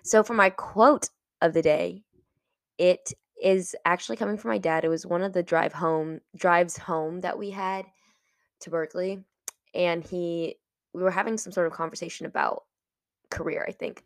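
A woman's voice: on the low side, fairly even intonation, moderate pace, no room sound, studio quality. A 21-year-old woman hosting a solo podcast, chatty and reflective and laughing often as she talks. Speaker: podcast host. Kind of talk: casual solo podcast talk.

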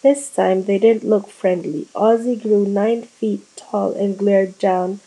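A woman reading a children's ghost storybook aloud, voicing the kids' lines with a lively lift. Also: medium pitch, slow, breathy edge, rough recording. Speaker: audiobook reader. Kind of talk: storybook narration.

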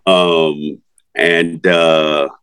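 A man's voice: a bass voice, flat delivery, extremely slow, a bit bright, smooth, no room sound. A man in his fifties, a music artist talking as a guest in a casual interview, laid-back and slangy, laughing often. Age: 50s.

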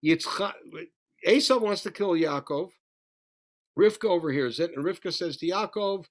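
A man teaching a Bible study lesson, animated as he retells the story, reading Hebrew verses and translating them. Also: fairly high pitch, fairly quick. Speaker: Torah teacher.

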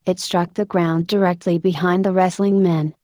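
A woman narrating a story in a steady, measured reading voice. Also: lowish voice, dry recording. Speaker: audiobook narrator.

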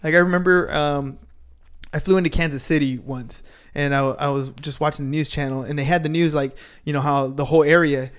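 A man's voice: on the high side, fairly even intonation, fairly quick, clear, resonant tone. A young man hosting a podcast, chatting casually with slangy, upbeat questions. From San Diego area. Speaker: podcast host.

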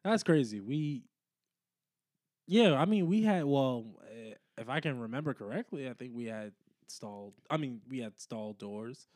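A man's voice: expressive, a little slow, a little mellow, no echo, clean studio sound. Incredulous young man, laughs a lot. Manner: incredulous, laughs often, high-pitched outbursts. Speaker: podcast co-host. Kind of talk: casual comedic chat.

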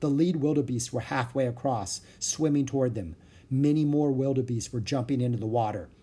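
A man narrating a children's adventure audiobook with lively storytelling. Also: mid-range voice, a little fast, breathy edge.

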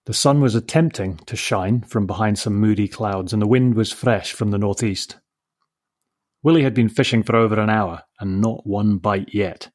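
A man hosting a podcast who reads a story aloud in a slow, measured, reflective way. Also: lowish voice, a little mellow.

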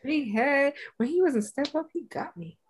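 A woman co-hosting a podcast in casual chat, loud and playful with lots of slang and exclamations. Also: high voice, lively intonation, moderate pace, slight background noise. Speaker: podcast co-host.

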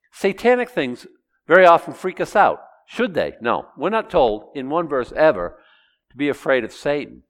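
A middle-aged man preaching a sermon in an animated, expressive way, his pitch leaping up and down as he acts out scenes and throws questions at the congregation. His voice carries a long reverb from a large church hall. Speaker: pastor. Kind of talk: expository sermon.

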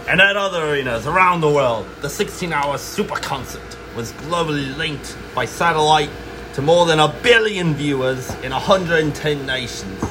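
A chirpy mock-Australian storyteller, as a man puts him on, reads history facts with a slightly high voice. A clear air-conditioning hum runs behind him. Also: very animated, moderate pace. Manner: mock Australian accent, chuckles mid-line. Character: cheery Australian-style history teller, man. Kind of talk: mock camp announcement.

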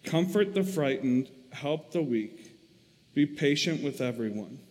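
A man's voice: fairly high pitch, animated, measured pace, darkish tone. A man reading aloud the lines of a devout young woman, earnest and plain. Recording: long reverb.

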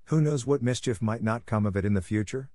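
A man's voice: mid-range voice, a little fast, mellow, no echo, clean studio sound, lightly acted. A man reading the lines of a stern, suspicious village miller in a storybook.

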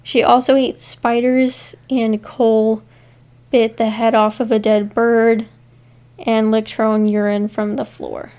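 A woman's voice: a little high, level tone, slow, a little mellow, clean tone. A woman co-hosting a casual podcast, reading case notes with asides and frequent ums. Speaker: podcast co-host. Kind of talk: casual true-crime podcast chat.

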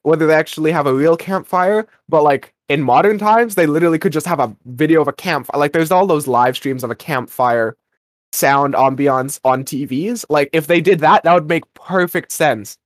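In a clean, dry studio recording, a young podcast co-host with a fairly high voice talks at a moderate pace about a radio drama episode. He keeps cutting himself off and wandering into tangents in a casual way.

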